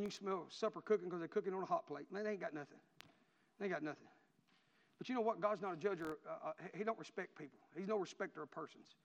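A middle-aged man preaching an impassioned revival sermon, swinging from loud outbursts to hushed folksy asides. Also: sits high. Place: church sanctuary. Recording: dull lo-fi recording in a reverberant church.

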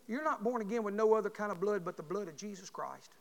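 A man, preaching a sermon in a church by telling a story, rising from quiet talk to shouting. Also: sits high, quick pace, creaky. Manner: builds to shouting. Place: church sanctuary. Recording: long hall reverb.

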